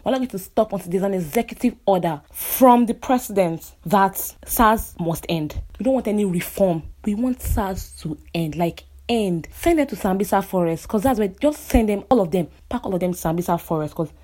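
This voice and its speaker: A woman's voice: mid-range voice, expressive, moderate pace, few pauses, a little mellow. A young woman from Nigeria with a Nigerian accent, an architect, talking in an impassioned, indignant vlog rant and repeating phrases for emphasis.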